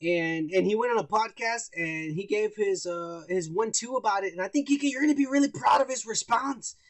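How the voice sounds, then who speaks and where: A man's voice: sits high, a little fast, no room sound. A man co-hosting a podcast, talking in crude, profane, rambling banter while reading out the news. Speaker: podcast co-host.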